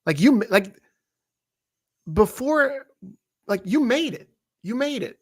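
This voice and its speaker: Very high-pitched and slightly rough, his voice is animated even though he takes his time, captured cleanly in a studio with no echo. He's a co-host on a live wrestling watch-along, casually chatting, joking and reacting loudly.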